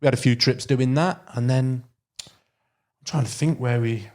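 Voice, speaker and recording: A man's voice: mid-range voice, a little slow, darkish tone. A middle-aged man with an English Midlands accent, chatting casually as a podcast guest and telling rambling anecdotes full of ums and "you know". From Derbyshire, England. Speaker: podcast guest, carp angler. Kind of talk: casual podcast chat, storytelling.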